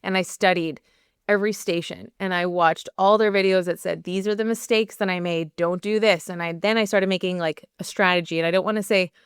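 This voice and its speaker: A woman's voice: lowish voice, fairly even intonation, brisk, smooth, no room sound, studio quality. A young adult woman hosting a solo podcast, telling a personal story in a candid, chatty way with lots of "like". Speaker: podcast host and performance coach.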